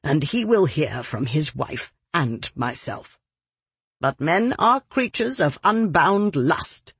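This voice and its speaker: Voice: mid-range voice, very animated, a little slow, breathy edge, dry recording. An audiobook reader voicing a haughty, indignant older noblewoman who scolds with scorn. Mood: grudging. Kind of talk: audiobook character reading.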